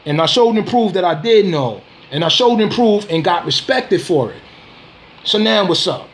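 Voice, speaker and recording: A man's voice: high-pitched, animated, moderate pace. A man ranting on a casual video, confrontational, using street slang, repeating himself and laughing scornfully between points. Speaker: dog breeder and vlogger.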